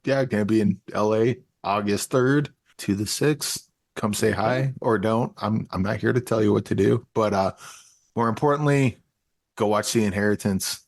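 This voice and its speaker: A man co-hosting a movie review podcast, casual, deadpan and crude in his humor. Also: fairly low pitch, moderate pace, dry recording. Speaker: podcast co-host.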